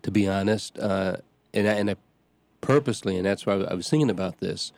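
A middle-aged man, a parish priest hosting a show, talking casually in a halting way with many restarts and fillers. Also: sits low, vocal fry, a little mellow, no room sound. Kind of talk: casual talk.

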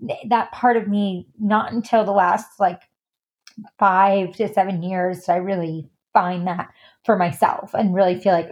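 A woman's voice: medium pitch, fairly even intonation, unhurried, a little mellow. A woman guest in a casual podcast interview, chatty and full of "like" and "um" fillers. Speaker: guest, stylist and designer.

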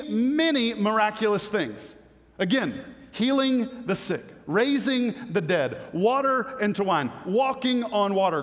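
High-voiced preacher in a reverberant hall. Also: male voice. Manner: emphatic, swinging from loud to hushed. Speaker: pastor. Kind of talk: sermon.

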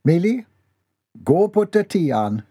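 A man's voice: sits high, big pitch swings, slow, dark tone, breathy edge, no echo, pitched above the performer's own voice, exaggerated voice. A man doing a huffing household matron. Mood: brisk. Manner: huffing, bossy. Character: older woman of the household, commanding, flustered. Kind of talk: audiobook character voice.

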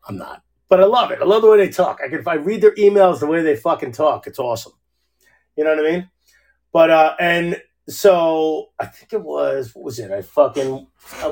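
A man's voice: on the high side, animated, fairly quick. A man with a New Jersey accent hosting a podcast, telling rambling stories in casual chat, swearing constantly and laughing as he goes. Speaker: podcast host.

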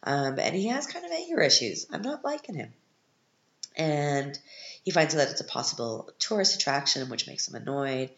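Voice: medium pitch, very animated, moderate pace, fairly bright tone, echoey room, muffled recording. A podcast host giving a casual, sarcastic recap of a film, sounding exasperated with it.

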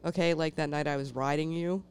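A woman's voice: deep voice, steady tone, fairly quick, clean tone. A woman co-hosting a podcast, talking frankly and laughing easily in casual chat. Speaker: podcast co-host.

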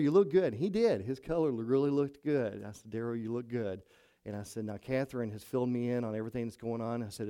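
A man's voice: mid-range voice, warm tone. A middle-aged male pastor telling a story from the pulpit, acting out each person's lines as he retells the conversations. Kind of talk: sermon storytelling.

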